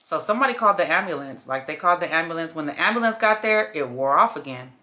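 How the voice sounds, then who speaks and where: A woman's voice: low voice, expressive, quick pace, sharp tone. A woman, telling a story to viewers in a casual vlog. She acts out the voices of the people in it and calls her viewers y'all and baby. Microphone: camera while doing makeup.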